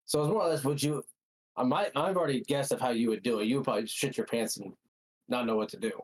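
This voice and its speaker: A man's voice: mid-range voice, fast talker, low-quality recording. A man co-hosting a podcast in casual chat, playfully arguing and jabbing at his partner. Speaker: podcast co-host.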